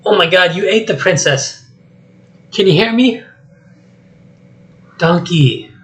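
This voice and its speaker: A man voicing a loud, jittery talking male donkey while reading a script aloud, with high excitable chatter. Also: slow pace, exaggerated voice, poor audio. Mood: panicked. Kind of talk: solo script reading with voices.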